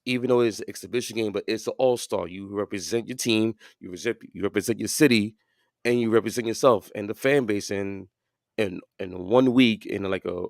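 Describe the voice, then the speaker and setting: With a lowish, gravelly voice and a slightly fast delivery, a man co-hosts a podcast of casual sports chat, rambling through lots of fillers and restarts. It's a dry, studio-quality recording.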